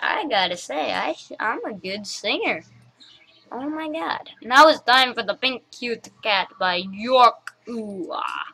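A woman's voice: on the high side, expressive, slow, creaky, sharp tone, rough recording. A woman giving playful, casual commentary on a game as she plays, reading level titles aloud and joking along the way. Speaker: gaming channel host.

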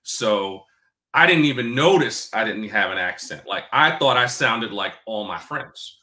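A man's voice: fairly low pitch, expressive, a little slow, pushed and bright, reverberant. A man in his forties from New York, talking candidly and casually as an interview guest, with a mostly neutral American accent and a faint Black New York tinge. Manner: candid, profane, laughs easily, many fillers.

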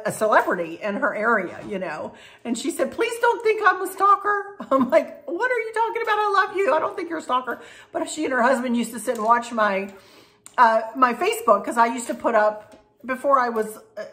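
A woman's voice: medium pitch, fairly bright tone. Chatty rambling woman in her fifties. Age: 50s. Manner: chatty and rambling, laughs often, restarts and digresses; folksy and affectionate. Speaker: craft and decor channel host. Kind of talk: casual Q&A chat to viewers.

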